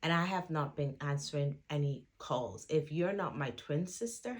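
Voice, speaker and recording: A woman's voice: sits low, moderate pace, hardly any pauses. A woman who is a trainee psychotherapist, giving a motivational self-help talk to viewers in an earnest, reassuring way, repeating affirmations.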